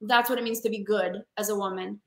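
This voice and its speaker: A woman's voice: medium pitch, steady tone, fairly quick. A woman sales coach being interviewed over a video call, speaking in a passionate, emphatic motivational way. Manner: passionate, emphatic, calls listeners honey. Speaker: sales coach for women, guest. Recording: echoey room.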